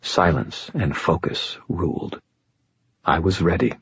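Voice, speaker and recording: A man reading a first-person novel aloud as an audiobook, in a wry, measured narration. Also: sits low, fairly bright tone, husky, dry recording, highs cut off.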